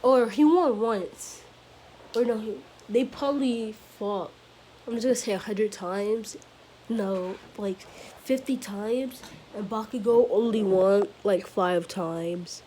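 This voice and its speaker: A woman's voice: mid-range voice, slow pace, mellow, slight background noise. A woman improvising a fan-fiction story, rambling and correcting herself as she goes, with fillers and small giggles.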